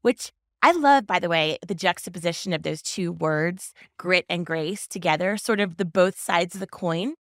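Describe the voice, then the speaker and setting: A woman's voice: on the low side, moderate pace, few pauses, a bit bright, dry recording, studio quality. A woman hosting a podcast, upbeat as she chats with her guest. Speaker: podcast host. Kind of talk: casual interview chat.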